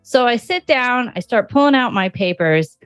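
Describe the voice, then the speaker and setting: A woman's voice: on the high side, lively intonation, moderate pace, smooth, dry recording, faint music behind. Chatty woman podcast host, dry close mic. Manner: chatty storyteller, acts out quoted exchanges. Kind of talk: casual interview chat.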